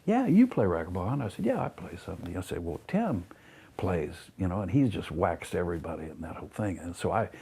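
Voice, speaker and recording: Brief: low, husky male guest, animated storyteller, blunt and profane. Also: fast talker. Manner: animated storyteller acting out quotes, many fillers. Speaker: interview guest. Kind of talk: casual storytelling.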